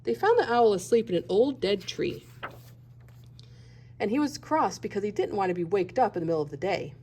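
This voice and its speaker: A woman teacher reading a children's picture book aloud with gentle expression. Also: mid-range voice, lively intonation, brisk, a little hiss or hum. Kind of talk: children's storybook read-aloud.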